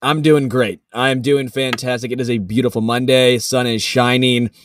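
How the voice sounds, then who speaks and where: A man's voice: mid-range voice, little pitch movement, moderate pace, dry recording. A man co-hosting a casual sports podcast, easygoing and upbeat, telling stories and reading a sponsor spot. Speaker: podcast co-host. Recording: dry, a bit distant from the mic.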